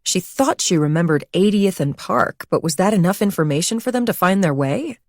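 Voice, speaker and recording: A woman narrating an audiobook in a steady, measured reading style. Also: on the low side, dry recording, studio quality. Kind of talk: scripted narration.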